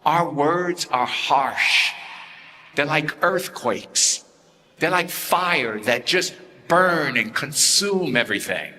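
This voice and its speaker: Slow, forceful preaching priest in church. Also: male voice, a little high, animated. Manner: slow, deliberate preaching with repeated phrases. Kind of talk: sermon. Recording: long reverb of a large church.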